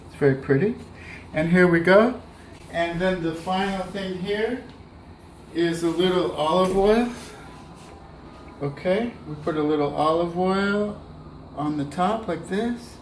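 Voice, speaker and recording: A man's voice: high-pitched, a little slow, pauses often, slight background noise. Chatty man demonstrating cooking, echoey kitchen. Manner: relaxed, chatty, talks while working. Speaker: cooking instructor.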